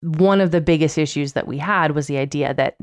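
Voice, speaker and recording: A woman in her late thirties, a podcast host, talking in a candid, wry and animated way. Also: low voice, brisk, no room sound, clean studio sound. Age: 30s. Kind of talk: casual chat.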